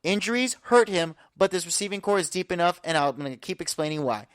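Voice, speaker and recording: A man's voice: sits high, quick pace, smooth, no room sound, studio quality. Confident man rattling off sports stats. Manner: energetic, confident, stat-heavy rundown. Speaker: podcast host. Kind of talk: casual sports analysis talk.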